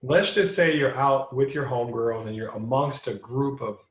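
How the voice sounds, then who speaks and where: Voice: mid-range voice, normal speed. A laid-back co-host in a casual food chat, asking questions and murmuring agreement. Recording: dull roomy sound.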